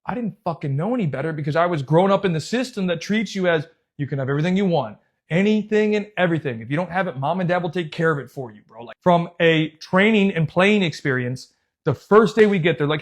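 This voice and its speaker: A man, a youth soccer coach, telling a story in a casual, animated way, swearing often and calling the listener bro and dude. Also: a little high, fast talker. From United States.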